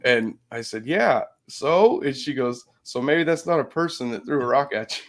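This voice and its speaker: A man casually telling a story, swearing freely, laughing between phrases, and swinging from loud to soft. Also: medium pitch, animated, normal speed.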